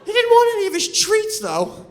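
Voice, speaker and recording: A man doing a stand-up comedy set on stage, animated and loud when he acts out quotes. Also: very high-pitched, a little fast, some chatter behind. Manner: animated, swings into loud put-on voices for quotes. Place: on stage before a laughing audience.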